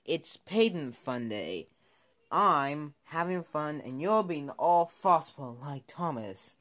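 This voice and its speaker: A man's voice: fairly high pitch, takes it slowly, full character voice. A man voicing a cheeky, boastful young engine. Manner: excited, playful, squealing cheers.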